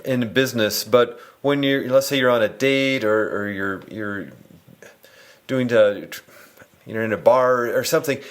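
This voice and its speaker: A man hosting a podcast interview, asking questions in a hesitant way with restarts. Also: medium pitch. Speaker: podcast host.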